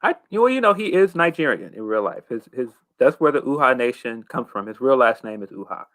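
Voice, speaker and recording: A man's voice: mid-range voice, sing-song, fairly quick, a bit bright, dry recording. A man co-hosting a casual wrestling talk show, thoughtful and hesitant, with plenty of fillers. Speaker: podcast co-host.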